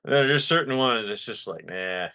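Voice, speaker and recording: A man from the US East Coast chats bluntly and profanely as a podcast co-host. His voice is bright and forceful, sitting a bit low. The recording sounds dull and lo-fi. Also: brisk. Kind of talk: casual chat.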